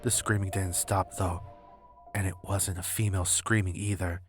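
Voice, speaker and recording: A man narrating a horror story in a steady, suspenseful way. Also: low voice, normal speed. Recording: loud background music.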